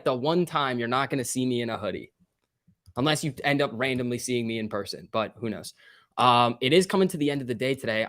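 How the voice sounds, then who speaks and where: A young man at a middle pitch talks loosely and casually as host of a live stream. He reels off numbers and greets viewers by name between offhand remarks. He records indoors at home. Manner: chatty, reads out stock prices and viewer names. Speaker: livestream host. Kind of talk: casual live market commentary.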